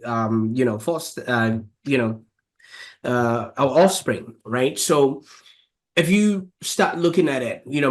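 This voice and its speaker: Man, show host; mid pitch, loose rambling question style, heavy on fillers. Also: a bit bright. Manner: rambling, many fillers and restarts. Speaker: podcast host. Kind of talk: interview questions.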